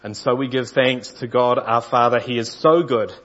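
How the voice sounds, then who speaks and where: Husky-voiced male preacher. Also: mid-range voice, steady tone, normal speed, fairly bright tone, muffled recording. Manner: earnest storytelling, occasional restarts. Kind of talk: sermon.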